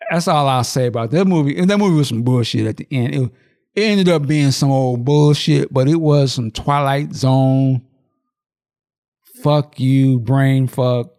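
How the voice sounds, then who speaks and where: A man's voice: mid-range voice, unhurried, pauses often. A man on a casual podcast, retelling a movie in vivid, profane detail and acting out the quotes. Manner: animated, profane storytelling with acted-out quotes and laughs. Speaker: podcast co-host.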